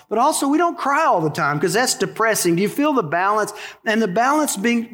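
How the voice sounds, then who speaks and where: High-voiced folksy preacher. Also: male voice, a bit bright. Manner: folksy, conversational preaching with humor. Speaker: pastor. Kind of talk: sermon. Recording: long hall reverb.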